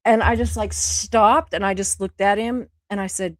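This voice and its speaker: A woman co-hosting a casual chat show, telling a story in a drawn-out, playful way and quoting people in a low voice. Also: fairly even intonation, no room sound. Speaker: co-host.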